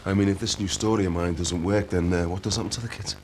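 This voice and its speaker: A man's voice: sits low, fairly even intonation, quick pace, a little mellow, slight background noise, close to an everyday voice. A man playing a worried single father. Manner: worried, talking things through. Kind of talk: TV soap acting.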